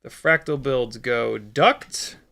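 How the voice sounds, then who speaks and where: Gravelly bright-voiced man chatting on a stream. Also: medium pitch, slow pace. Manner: rambling, swears, self-narrates the build. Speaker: livestream host building a drone. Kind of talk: casual live-stream chat while building.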